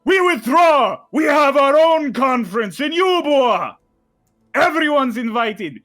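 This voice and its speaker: A man voicing a hot-tempered male envoy who storms out with loud, petulant outbursts. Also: sing-song, slow, faint music behind, exaggerated voice. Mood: angry shouting. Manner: shouting outbursts, high and loud.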